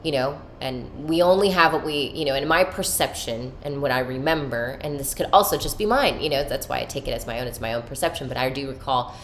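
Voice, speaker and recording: A podcast host with an extremely low voice talks fairly quickly with hardly any pauses, slight background noise underneath. In a candid personal monologue, she opens up emotionally about her inner life, swearing freely and using spiritual self-help language.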